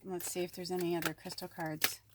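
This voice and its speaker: A woman's voice: lowish voice, flat delivery, brisk, heavy background noise. A woman giving a casual spiritual card reading at home. She rambles in a chatty way, full of asides and "like". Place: at home indoors.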